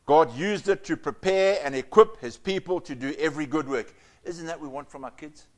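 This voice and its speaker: A man preaches in a somewhat high voice. He presses points with loud, emphatic lines and then drops to hushed, near-whispered asides. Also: a little fast. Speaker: pastor. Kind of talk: sermon.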